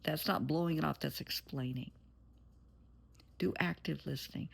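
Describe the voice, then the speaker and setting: A woman's voice: deep voice, moderate pace, creaky, long pauses, husky. A woman therapist giving an earnest, motherly pep talk straight to her viewers, blunt at times. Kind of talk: encouraging direct-to-camera talk.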